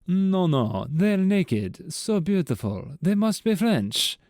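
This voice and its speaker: A man voicing a romantic Frenchman in a joke, speaking in a swooning, drawn-out way. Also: sits high, very animated, darkish tone, dry recording, clean studio sound, pitched above the performer's own voice, full character voice. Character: romantic Frenchman admiring nude painting, dreamy.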